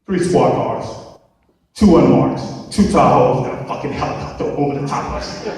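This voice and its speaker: A man telling a comic true story on stage, animated and profane, with a live-event sound. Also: medium pitch, moderate pace. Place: large hall on stage. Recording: echoey hall, distant mic.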